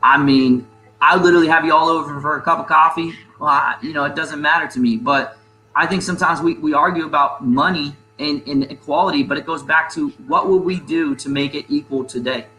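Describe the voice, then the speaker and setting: A man's voice: on the high side, steady tone, a little fast, pushed and bright, reverberant, slight background noise, rough recording. A man hosting a casual discussion, rambling and restarting his sentences as he poses questions. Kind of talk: casual debate chat.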